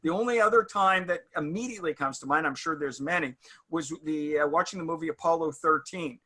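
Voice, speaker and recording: A middle-aged man speaks as an interview guest, with a very bright, forceful tone. He is a little higher than most men and wanders through his anecdotes reflectively, stopping and restarting as he goes. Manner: reflective, halting anecdotal storyteller. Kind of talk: casual interview chat.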